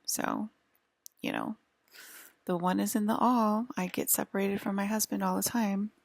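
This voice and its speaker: A woman vlogger talking in a rambling, halting monologue full of restarts and fillers, sometimes dropping to a whisper. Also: medium pitch, fairly even intonation, gravelly, no echo.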